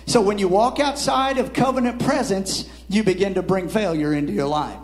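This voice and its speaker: A man's voice: high voice, moderate pace. A man preaching a sermon, repeating words and punctuating his points with "Amen". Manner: rising and dropping emphasis, repeats words, frequent "Amen".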